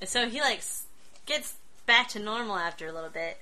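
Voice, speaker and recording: Bright-voiced woman, blunt and swearing. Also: mid-range voice, lively intonation, brisk. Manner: blunt, swears freely, laughs often. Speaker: podcast co-host. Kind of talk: casual comic-book chat.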